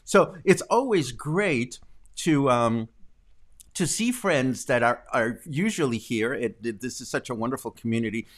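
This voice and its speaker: A man's voice: mid-range voice, lively intonation, unhurried. A middle-aged man hosting a daily live stream from home, chatting casually with viewers and rambling with many ums and self-corrections. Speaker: host.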